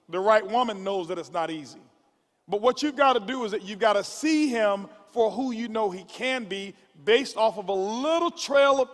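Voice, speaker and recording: A man giving a motivational speech to a conference audience, stumbling through repeated words and building up like a preacher. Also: high voice. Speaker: motivational speaker. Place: large conference hall. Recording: long hall reverb from a live event.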